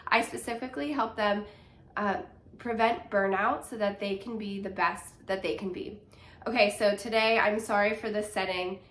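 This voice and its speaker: A woman's voice: medium pitch, fairly even intonation, moderate pace, fairly bright tone. Congested, chatty woman in an echoey room. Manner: chatty and encouraging, with many fillers. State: congested, a little nasal. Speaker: teacher and health coach. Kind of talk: casual talking-head advice vlog. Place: home, on a couch.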